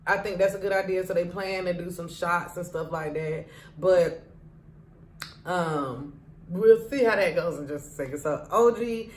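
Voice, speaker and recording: A woman giving a casual, gossipy recap of a reality show from her home, retelling scenes in an animated, chatty way. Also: on the low side, a little hiss or hum. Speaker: TV recap vlogger. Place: home room. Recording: echoey room.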